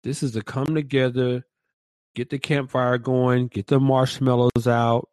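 A man's voice: medium pitch, little pitch movement, measured pace, a little mellow, dry recording. A man co-hosting a Christian commentary podcast, emphatic and stressing points by repeating words. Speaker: podcast co-host.

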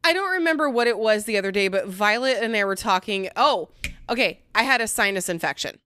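Woman co-hosting a lively, sarcastic podcast chat. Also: mid-range voice, a little fast, clean tone. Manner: sarcastic, laughs often, swears casually. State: sensitive stomach. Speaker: podcast co-host. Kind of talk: casual chat. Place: a friend's house.

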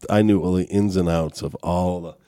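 A man's voice: low voice, fairly even intonation, moderate pace, mellow. A man in casual podcast conversation, telling loose, profane anecdotes about his old job. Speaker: podcast guest. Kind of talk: casual storytelling.

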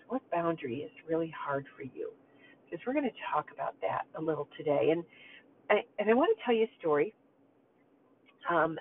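Older woman on a tinny line. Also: low voice. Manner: earnest, storytelling, addresses listeners directly. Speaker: host speaking to mothers. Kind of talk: heartfelt talk with a personal story. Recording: tinny phone-like sound with faint noise.

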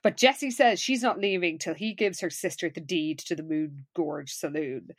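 A woman's voice: lowish voice, moderate pace, dry recording. A woman co-hosting a podcast, chatting casually, laughing often and acting out quotes. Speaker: podcast co-host. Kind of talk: casual chat recapping an episode.

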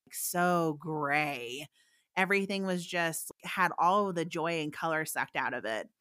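A woman who is a psychic medium, telling a long story in a casual, animated way with many fillers. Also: fairly low pitch, no room sound, studio quality. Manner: animated, fillers, quotes voices in her stories. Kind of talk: conversational storytelling.

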